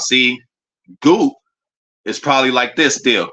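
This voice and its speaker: A man streaming a casual, excitable reaction to his football team's draft picks, full of slang and talking straight to his chat. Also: medium pitch, unhurried. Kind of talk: casual live reaction commentary.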